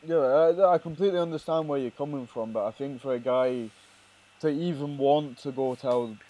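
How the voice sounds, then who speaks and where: A man's voice: medium pitch, moderate pace, mellow, low-quality recording. A man co-hosting a sports podcast in casual chat, thoughtful and often restarting his words. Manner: thoughtful, stumbles and repeats words.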